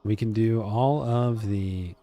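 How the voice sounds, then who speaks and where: A man's voice: on the low side, slow, mellow, a little hiss or hum. Chatty male game streamer. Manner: chatty, answers chat, hesitant restarts. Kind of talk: casual live-stream chat.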